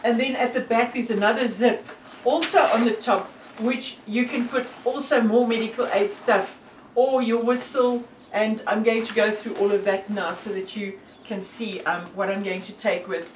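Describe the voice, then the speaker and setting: A South African hiker and vlogger, speaking with a South African accent, gives a casual, earnest, devout talk to camera full of fillers. Her voice is a little high and steady at normal speed. The low-quality recording sounds like an echoey room, far from the mic, with slight background noise.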